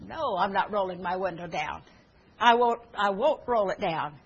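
A woman's voice: mid-range voice, animated, normal speed, slightly rough, muffled recording. A woman preacher voicing a frightened young woman stranded in her car at night, crying out in panicked pleas. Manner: panicked pleading.

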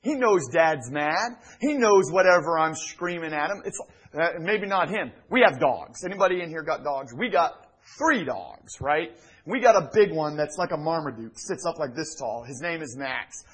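Husky-voiced male pastor preaching. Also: fairly high pitch, expressive, moderate pace, rough recording. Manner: swings from loud emphatic preaching to hushed near-whispers. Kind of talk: sermon. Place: church sanctuary.

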